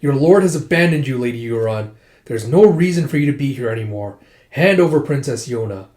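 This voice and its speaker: A man's voice: medium pitch, expressive, a little fast, a little mellow, reverberant, lightly acted. A man voicing a scheming male priest villain from a comic, mocking and threatening. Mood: menacing.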